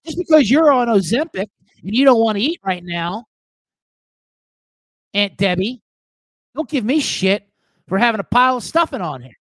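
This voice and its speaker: Male host, high and lively voice, profane comic rant, dry studio mic. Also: normal speed, pauses often, dry recording, poor audio. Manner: profane, animated, mimics family members. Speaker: sports betting show host. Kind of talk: comedic live-stream rant.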